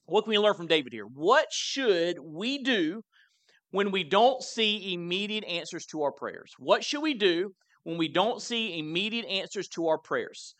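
A man's voice: sits high, lively intonation, measured pace, a bit bright, no echo. A man pastor preaching a sermon in a conversational way, often repeating words as he stresses a point.

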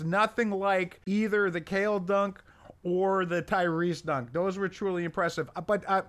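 A man's voice: high-pitched, fairly bright tone. A man co-hosting a sports podcast, bantering and teasing his partner with enthusiasm. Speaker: podcast co-host. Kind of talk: casual sports podcast chat.

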